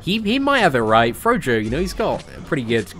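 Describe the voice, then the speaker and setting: A man's voice: fairly high pitch, wildly swooping pitch, a little fast, a bit bright, soft background music. A young British man hosting a game livestream, answering viewers in a casual, chatty way and peppering his talk with "man" and "you know". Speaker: livestream host.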